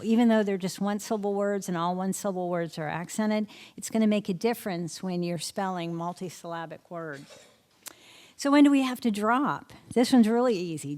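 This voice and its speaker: A middle-aged woman leads a spelling lesson for teachers. Her voice sits at a medium pitch. She keeps firing short questions at the room and often answers them herself. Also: darkish tone. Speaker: literacy instructor.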